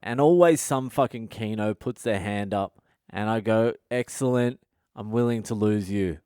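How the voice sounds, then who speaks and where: A man rants through a story in a blunt, swearing, casual monologue. His voice is smooth and resonant, and the recording is close and dry with no room sound. He talks like a podcast host just letting it all out. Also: on the low side, moderate pace, warm tone, dry recording. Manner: foul-mouthed, blunt, ranting.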